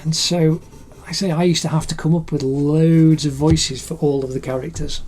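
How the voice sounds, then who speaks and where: A man's voice: a little high, steady tone, normal speed, a little mellow, a little hiss or hum. A middle-aged man narrating a drawing tutorial in a chatty, encouraging way, like an art teacher.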